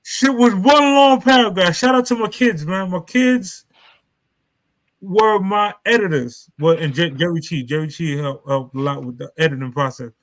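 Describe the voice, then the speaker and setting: A man talks casually on a live stream, his voice sitting a little high. He rambles loosely, circling back and restarting his sentences, and uses plenty of street slang. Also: moderate pace, poor audio. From New York. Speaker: author and live stream host.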